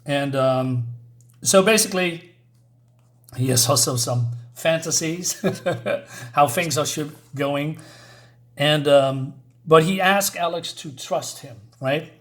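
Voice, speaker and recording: A man's voice: fairly high pitch, slow, long pauses, a bit bright. A man casually reviewing an old comic book, rambling with many fillers.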